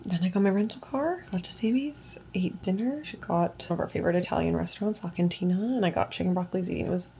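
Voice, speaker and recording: A woman's voice: on the low side, fast talker, creaky, hardly any pauses, dark tone, slight background noise. A young woman vlogging casually to her phone, chatty and full of "like.". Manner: chatty, peppered with "like". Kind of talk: casual travel vlog chat.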